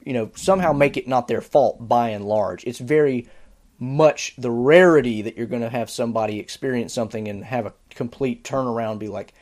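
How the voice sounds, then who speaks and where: A man hosting a podcast, giving casual spoken commentary on a series in an exasperated, sarcastic, animated way. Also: medium pitch. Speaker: podcast host reviewing a series.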